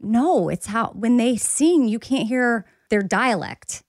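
A woman's voice: fairly high pitch, lively intonation, takes it slowly, no room sound, studio quality. A woman in her thirties co-hosting a podcast, a mom who also works in live radio, talking in a casual chatty way. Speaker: podcast co-host. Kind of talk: casual chat.

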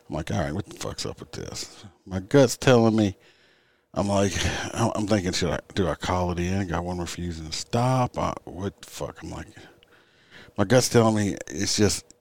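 A man's voice: sits low, darkish tone, dry recording. An older man, a police officer, telling a traffic stop story in a blunt, profane, rambling way, tired and yawning. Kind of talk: casual storytelling.

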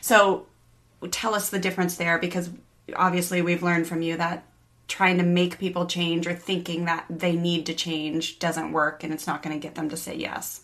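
A woman co-host asks questions in a chatty, meandering way, with plenty of fillers. Her voice sits fairly low for a woman. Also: little pitch movement, moderate pace, fairly bright tone. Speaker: co-host and coach. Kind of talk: podcast interview questions.

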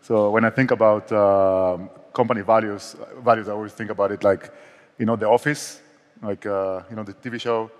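A startup co-founder and CEO with an Israeli accent speaks as a guest on a conference stage in a large hall, and the recording has a long hall reverb. His voice is lowish and steady at a moderate pace. He's candid and self-deprecating, with many restarts.

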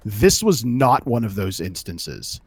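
A man co-hosting a casual music review chat, opinionated and animated. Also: lowish voice, slow pace, husky, no echo.

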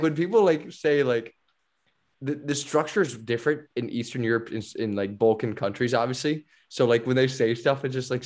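A young man hosting a podcast, telling a story in a loose, animated way, full of fillers and laughs. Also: mid-range voice. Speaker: podcast host. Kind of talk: casual storytelling.

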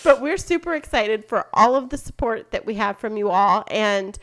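A woman co-hosting a casual podcast, upbeat and quick to laugh. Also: mid-range voice, expressive, fairly bright tone. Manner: upbeat, giggly. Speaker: podcast co-host. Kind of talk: casual chat.

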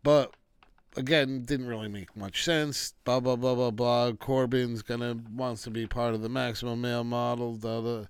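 Smooth-voiced man ranting a wrestling recap. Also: medium pitch, level tone, moderate pace, no echo. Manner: ranting, exasperated, dismissive asides. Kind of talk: casual opinionated recap.

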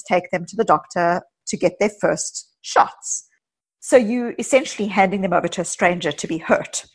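A woman psychologist, a guest in an interview, talking earnestly and telling personal stories with quick asides. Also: fairly low pitch, breathy edge. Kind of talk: casual interview conversation.

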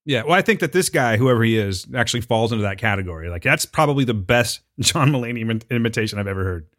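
A man's voice: medium pitch, lively intonation, fast, fairly bright tone, dry recording, clean studio sound. A man co-hosting a podcast in casual chat, enthusiastic and emphatic, laughing easily. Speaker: podcast co-host.

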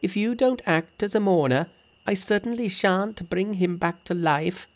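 A boastful, clever male monkey sage from a storybook, brisk and bossy with a teasing edge, as a woman reads him in an audiobook. He gives orders in a mid-range voice, quick to mock and quick to command. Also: medium pitch, lightly acted. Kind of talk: audiobook reading.

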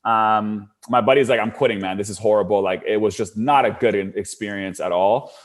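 A man's voice: on the low side, a little fast. A young adult man casually telling a long personal story, with lots of "like" fillers and his voice rising when he gets worked up. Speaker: storyteller guest.

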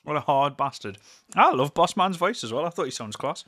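A man's voice: on the high side, animated, a little fast, a bit bright, dry recording. Dry-witted man in close, dry sound. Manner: dry wisecracks, laughs along. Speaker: podcast co-host. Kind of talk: casual wrestling chat.

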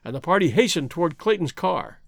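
A man reading an adventure story aloud as an audiobook narrator, with dramatic, expressive delivery. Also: fairly high pitch, fairly quick, creaky, no room sound, clean studio sound. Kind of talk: scripted narration.

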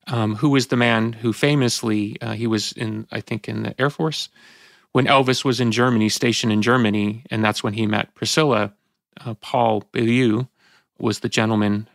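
A man in his fifties speaks as a podcast host, reflective and halting. His voice is gravelly and recorded close and dry, and he often breaks off and restarts as emotion catches him. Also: mid-range voice, fairly bright tone, no room sound. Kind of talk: reflective conversational talk.

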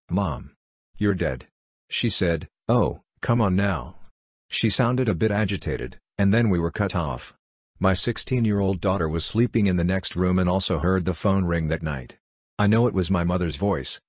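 A man reading a series of short ghost stories aloud in a steady, even storytelling delivery. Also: deep voice, no echo, studio quality. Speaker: narrator.

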